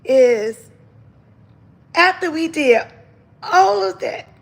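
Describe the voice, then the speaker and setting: A woman, telling her own story to her viewers in an animated, repeating way that turns tearful. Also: very high voice, drawn-out words, vocal fry. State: tearful near the end. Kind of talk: emotional testimony to viewers.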